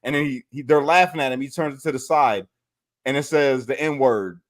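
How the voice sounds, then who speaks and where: A man's voice: mid-range voice, normal speed. A man co-hosting a podcast, telling stories in a loose, profane way and laughing as he retells funny clips. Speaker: podcast co-host. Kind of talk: casual chat, storytelling.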